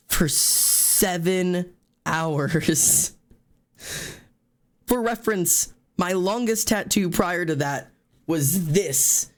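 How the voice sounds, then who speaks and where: A fairly high-voiced man chats casually on a live stream, swearing freely. He tells his story in an animated way and slips into other people's voices as he quotes them. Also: vocal fry.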